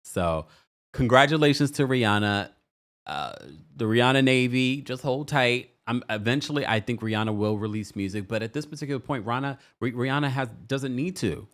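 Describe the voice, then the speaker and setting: A man's voice: medium pitch, fairly quick, fairly bright tone. A man, hosting a casual livestream, chatting, laughing and reading viewer comments aloud. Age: 40s. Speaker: host.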